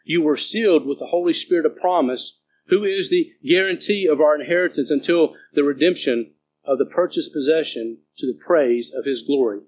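A man's voice: a little high, normal speed, a little mellow, husky, rough recording. A man preaching a sermon to his church as pastor, earnest and urging, reading scripture aloud between stories.

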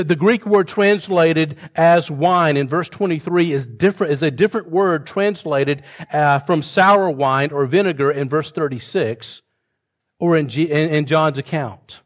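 A man preaches a sermon in a somewhat higher voice, talking to his congregation in a relaxed way. He stumbles through restarts and stray fillers, then reaches for rhetorical questions and folksy humor to make his point. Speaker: pastor.

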